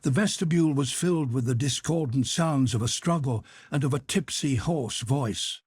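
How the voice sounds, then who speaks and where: A man reading a classic novel aloud as an audiobook narrator, expressive and dramatic. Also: mid-range voice, normal speed, slightly rough, no echo, studio quality. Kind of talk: scripted narration.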